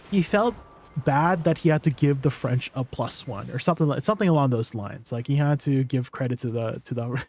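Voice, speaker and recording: A man's voice: medium pitch, darkish tone, slight background noise. A man chatting casually with his stream viewers, rambling and laughing often. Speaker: livestreamer.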